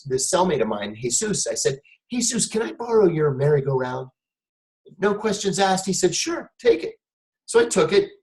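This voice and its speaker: A middle-aged man, a guest on a talk show, telling a wry, animated story in conversation. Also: on the high side, poor audio.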